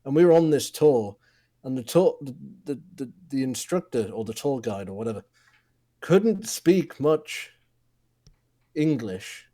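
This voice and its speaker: A man's voice: medium pitch, animated, unhurried, warm tone. A man in his twenties co-hosting a podcast, telling an anecdote in casual chat, hesitant and full of restarts. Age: 20s. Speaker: podcast co-host.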